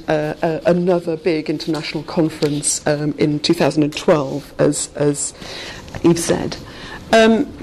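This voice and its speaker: A woman giving a conference presentation, speaking in a measured, reflective way and pausing often to find her words. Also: on the low side, a little mellow, a little hiss or hum, poor audio.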